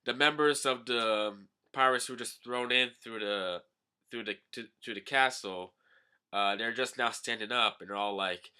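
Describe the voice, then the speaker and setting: Young man, casual comic recap, rambling with fillers, very bright tone. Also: medium pitch, moderate pace, clean tone. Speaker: manga reviewer.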